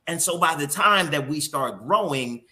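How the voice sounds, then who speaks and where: A man's voice: on the high side, animated, normal speed, sharp tone. A man hosting a morning show interview who talks candidly and openly emotionally, with some casual swearing.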